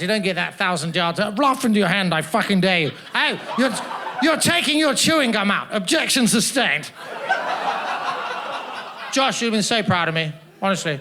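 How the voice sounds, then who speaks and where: A high-voiced man does stand-up, teasing front-row audience members with florid, mock-formal wording. His pompous delivery plays over loud, steady laughter from a live crowd. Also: background noise. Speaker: stand-up comedian. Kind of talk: stand-up comedy with crowd work. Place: comedy festival stage.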